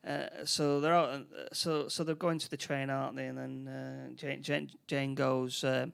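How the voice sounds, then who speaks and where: A man with a Northern English accent, co-hosting a podcast and retelling a film plot in a halting, restarting way. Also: medium pitch, level tone, vocal fry, clean tone. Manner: halting, many restarts, acts out character lines. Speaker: podcast co-host. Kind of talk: casual film recap chat.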